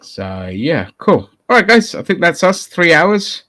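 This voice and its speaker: A man's voice: on the high side, sing-song, measured pace, bright, forceful tone. A man from London hosting a casual podcast chat, rambling and swearing freely, often laughing. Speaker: podcast host.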